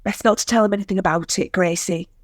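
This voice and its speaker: A woman's voice: mid-range voice, steady tone, fast talker, no echo, clean studio sound, close to an everyday voice. A woman playing a blunt, matter-of-fact middle-aged neighbour in a radio sitcom.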